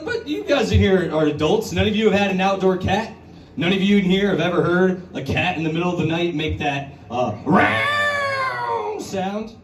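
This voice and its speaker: A male stand-up comedian doing a crude, conversational set at a brewery show, jumping into high, put-on voices to act out scenes. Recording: roomy bar recording from a distance. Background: audience laughter and bar ambience.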